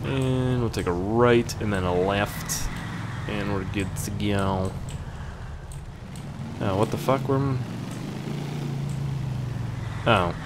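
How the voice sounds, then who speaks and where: A man's voice: fairly low pitch, takes it slowly, long pauses, heavy background noise. A man giving casual gameplay commentary, rambling with crude jokes. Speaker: gaming YouTuber.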